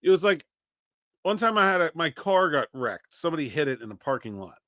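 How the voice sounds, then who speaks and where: A man's voice: fairly high pitch, sing-song, brisk, a bit bright, dry recording, studio quality. A man hosting a daily solo sports podcast, talking conversationally and thinking aloud with frequent restarts. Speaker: podcast host.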